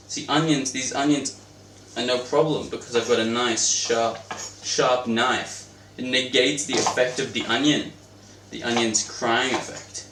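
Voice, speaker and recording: A man's voice: medium pitch, fairly even intonation, a little slow. A young man rambling and joking as he cooks in his home kitchen, chatting to his pet bird as he goes. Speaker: cooking vlogger. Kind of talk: casual cooking vlog. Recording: roomy echo, distant mic, faint noise.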